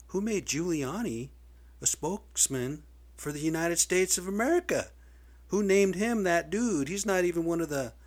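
Profane, worked-up man ranting. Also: mid-range voice. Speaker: video blogger. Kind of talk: ranting monologue. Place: lives in Seattle area.

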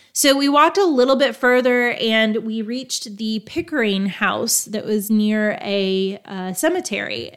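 A young woman host talking casually about places she visited, chatty and prone to unsure asides and self-corrections. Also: medium pitch. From Texas. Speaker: travel podcast host. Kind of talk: casual travel narration.

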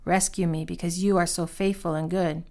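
A woman reading Bible passages aloud in a steady, expressive way, lifting her voice for quoted speech. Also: fairly low pitch, normal speed. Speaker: Bible reader. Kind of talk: scripture reading.

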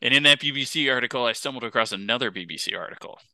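A man co-hosts a casual podcast, and his voice is strikingly bright and smooth. He tells his stories in an animated way, leaning on "like" as a filler. The sound is dry and close, with no room in it. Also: mid-range voice, very fast, no room sound. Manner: animated storyteller, lots of "like" fillers. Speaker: podcast co-host. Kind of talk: casual chat.

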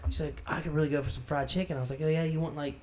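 Man, podcast co-host, casual chat, rambling stories, higher voice. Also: very fast, slight background noise. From not from the area. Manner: relaxed rambling storyteller.

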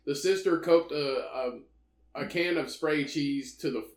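A man's voice: fairly high pitch, a little slow, roomy sound. Laid-back podcast guy recounting a story. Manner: laid-back, with frequent fillers. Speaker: podcast co-host. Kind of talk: casual chat, recounting a news story.

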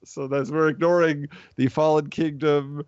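Chatty podcast host with a dull, dry sound. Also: male voice, on the high side, flat delivery, moderate pace, darkish tone, smooth, dry recording. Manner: chatty, rambling with restarts. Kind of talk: casual podcast chat.

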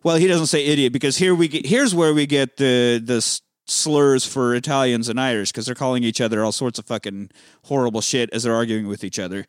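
A man's voice: mid-range voice, fairly even intonation, a little fast, no room sound, studio quality. A man casually recapping a film as a podcast host, swearing freely and acting out the characters' lines. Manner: profane, acts out characters' lines.

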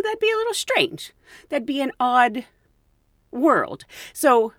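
A woman hosting a podcast, telling stories from her work as a flight attendant in an animated way and often laughing. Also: on the high side, dry recording, clean studio sound. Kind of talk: anecdotal storytelling.

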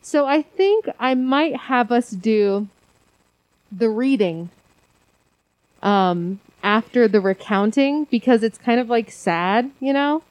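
A woman's voice: fairly high pitch, expressive, takes it slowly, darkish tone, no room sound, poor audio. A woman co-hosting a casual conspiracy podcast, rambling and self-deprecating, often laughing. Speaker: podcast co-host.

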